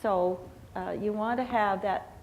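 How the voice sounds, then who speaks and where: A woman teaching flower arrangement at a live seminar, explaining slowly with fillers and restarts. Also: medium pitch, fairly even intonation. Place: convention hotel meeting room.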